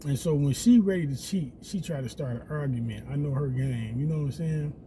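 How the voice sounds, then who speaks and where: A man's voice: on the high side, a little fast, background noise. Profane storytelling man. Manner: animated, profane, acts out quotes in a raised voice. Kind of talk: casual storytelling.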